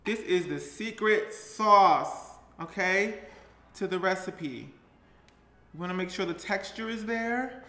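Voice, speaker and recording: A man's voice: high-pitched, animated, takes it slowly, pushed and bright. A man in a casual cooking vlog, talking playfully and directly to his viewers while he bakes. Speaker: baking vlogger. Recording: roomy echo, faint music.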